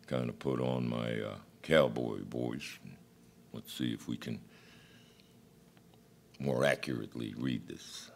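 A man preaching a sermon in a reflective, halting delivery. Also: rumbling low, vocal fry.

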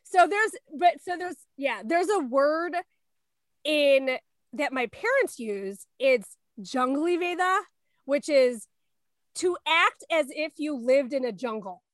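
A woman with a high, bright-pitched voice co-hosts a podcast and steers the interview. The sound is close and dry, and she talks quickly, full of likes and restarts. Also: lively intonation, no echo. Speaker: podcast co-host. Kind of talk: casual interview chat.

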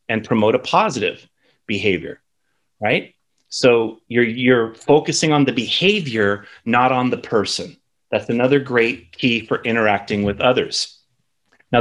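A man's voice: mid-range voice, fairly bright tone. A man in his thirties teaching a lesson on feedback in a conversational way, often tagging his sentences with "right?". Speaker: instructor.

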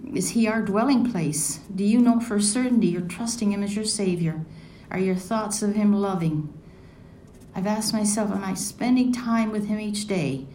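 A woman's voice: mid-range voice, warm tone, slight background noise. A woman giving a personal devotional talk, reflective and asking many questions as she reads scripture and tells a story. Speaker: devotional speaker. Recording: echoey room, mic at a distance.

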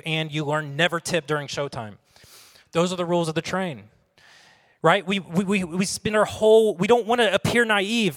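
A pastor's fairly high, rather bright voice rings through a reverberant church sanctuary with long hall reverb. Preaching his sermon conversationally, he poses questions to the congregation.

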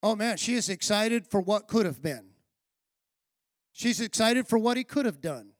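A man preaching a sermon as pastor, telling a story and acting out its dialogue, then building to shouted emphasis. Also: sits high, expressive, normal speed, no echo, studio quality.

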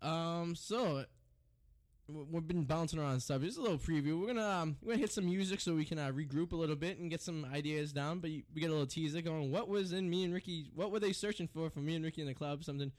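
A man's voice: fairly high pitch, fast talker. A young man hosting a college radio show, rambling and joking, goading his co-host. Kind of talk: loose banter and singing on air.

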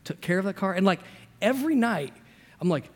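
Animated pastor telling a story in a hall. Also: male voice, high voice, fairly quick. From Indiana. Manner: animated storyteller, shifting loud and soft, acts out dialogue. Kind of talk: sermon with personal story.

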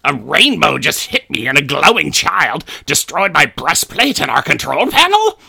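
A put-upon alien foot soldier, as a man puts him on, whines through one disaster after another. His voice is gravelly and husky, with a very bright edge. His pitch bounces all over. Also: huge pitch swings, normal speed, heavily acted. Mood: grumbling. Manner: whiny, grumbling running monologue. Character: hapless male alien soldier, self-pitying and put-upon. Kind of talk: comic podcast character voice.

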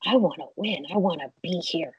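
A woman guest in a casual interview, telling animated stories and acting out what people said. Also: lowish voice, fairly quick, breathy edge, dry recording, muffled recording. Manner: animated storyteller, acts out quotes.

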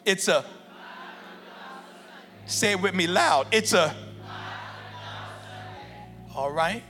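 High-pitched guy preaching in church, chanting and calling out to the crowd, music going behind him. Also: vocal fry, big-room sound. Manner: loud, chanting declarations with call-and-response. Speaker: preacher leading prayer and offering. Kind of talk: sermon prayer and offering appeal. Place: church sanctuary with congregation. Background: church music playing.

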